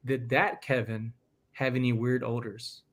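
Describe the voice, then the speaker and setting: Animated man telling stories. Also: medium pitch, unhurried. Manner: animated storyteller acting out quoted people. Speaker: podcast host. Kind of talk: casual chat.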